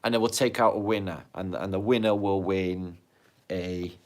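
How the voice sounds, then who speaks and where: A man's voice: low-pitched, fairly even intonation, moderate pace. A man with a British accent hosting a casual livestream, reading out viewer comments and chatting in a jokey, sweary way. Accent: British English. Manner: chatty, jokey and sweary, swings between loud and hushed. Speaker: livestream host.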